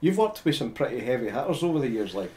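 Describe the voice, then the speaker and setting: A man's voice: medium pitch, quick pace. A man hosting a podcast, chatting loosely and laughing easily. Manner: relaxed, laughs easily, asks loose questions. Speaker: podcast host. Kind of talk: casual podcast chat.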